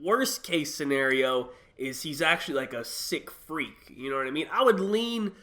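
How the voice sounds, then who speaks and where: A man's voice: a little high, expressive, normal speed, pushed and bright. A man reacting to a clip in casual commentary, blunt and mocking, with frequent "like" and "bro". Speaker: commentary streamer.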